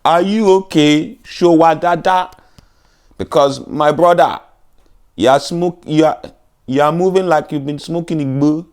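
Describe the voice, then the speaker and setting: Man doing a high, loud, teasing mocker, sing-song and over the top. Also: a little slow, smooth, lightly acted. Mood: mocking.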